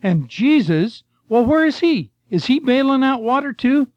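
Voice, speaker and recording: A man's voice: extremely high pitch, very animated, normal speed, no echo, highs cut off. An older man preaching a sermon in a folksy storytelling way, reading Scripture and telling missionary stories. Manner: folksy, storytelling, addresses listeners as folks and friend.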